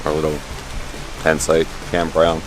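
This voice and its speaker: A man's voice: a bass voice, monotone, measured pace, faint music behind. A man talking casually to his camera while hiking a mountain trail, upbeat and easygoing, with plenty of ums and uhs. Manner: easygoing, upbeat, many fillers. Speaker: hiking vlogger. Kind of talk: casual outdoor vlog narration.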